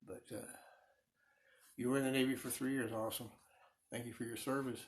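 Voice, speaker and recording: A middle-aged man talks in a rambling, friendly way while he works at a lathe in his shop. He chats with viewers of a live stream, answering comments between remarks about sanding. His voice sits at an ordinary pitch for a man. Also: steady tone, fairly quick. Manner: rambling, chatty, reads viewer comments aloud. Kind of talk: casual chat while working. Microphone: phone.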